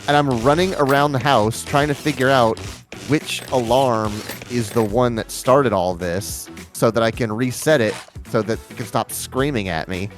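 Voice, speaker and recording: A man co-hosting a livestream, retelling a story in a flustered, stumbling way. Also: mid-range voice. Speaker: livestream co-host. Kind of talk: casual storytelling chat.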